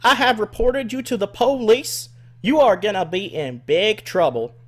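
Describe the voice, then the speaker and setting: A man voicing a flustered redneck woman caller with an Arkansas accent, talking slowly and accusingly and repeating herself. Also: high voice, breathy edge, pitched above the performer's own voice.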